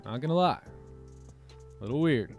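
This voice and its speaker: A man's voice: medium pitch, lively intonation, unhurried, darkish tone, soft background music. A man hosting a livestream, chatting casually and animatedly about mindset, often tacking on "right?" and "man". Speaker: trading livestream host. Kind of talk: casual motivational chat.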